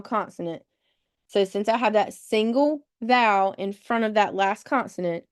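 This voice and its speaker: This is a woman with a clean, medium-pitched voice running a live test-prep webinar. Patiently, she lays out rules in steps and spells out each word letter by letter.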